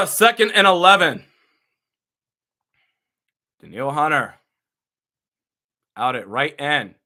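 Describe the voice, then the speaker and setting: Speaking slowly with long pauses in a slightly high voice, a young fan gives live reaction commentary on a football match. He sounds animated and exasperated and breaks into loud outbursts.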